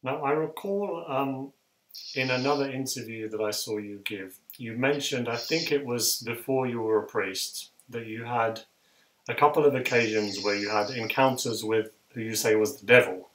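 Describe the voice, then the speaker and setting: A man hosting an interview, putting his questions in a measured, polite way. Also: mid-range voice, a bit bright. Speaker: interviewer, host. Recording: echoey room with faint noise.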